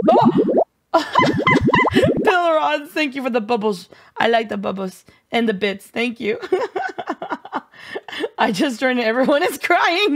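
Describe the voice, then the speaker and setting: A young woman streaming a game live, bubbly and giggly, with playful dramatic outbursts at her chat. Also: a little high.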